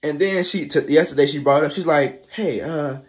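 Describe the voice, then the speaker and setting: A man telling a casual spoken anecdote, halting, full of restarts and slangy fillers. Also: on the high side. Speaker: storyteller.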